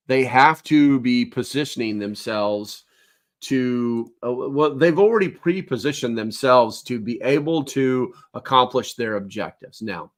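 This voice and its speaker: A man hosting a prepper news show, giving blunt, wry, rambling commentary with the odd curse word. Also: medium pitch. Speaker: host of a prepper news channel.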